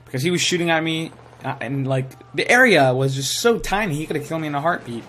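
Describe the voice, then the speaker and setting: A young man giving live commentary while playing a shooter game, excitable and swearing, sometimes saying he is tired. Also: a little high, fast, slightly rough. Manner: excitable, swears, yells at kills. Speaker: gaming streamer.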